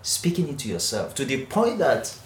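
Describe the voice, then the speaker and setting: A man's voice: medium pitch, wildly swooping pitch, moderate pace, a little hiss or hum. A man teaching a Bible lesson, explaining earnestly and correcting himself mid-sentence. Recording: echoey room.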